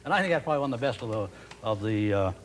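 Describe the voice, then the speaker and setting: A man telling a tall tale in a relaxed, wry, folksy manner. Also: fairly low pitch, very fast, a little hiss or hum. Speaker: storyteller. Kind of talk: folksy storytelling.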